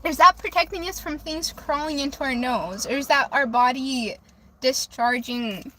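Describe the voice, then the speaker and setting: A woman's voice: high-pitched, moderate pace, pushed and bright, slight background noise. A woman livestreaming from a phone in her car, casually reading viewer comments aloud and chatting back. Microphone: phone camera.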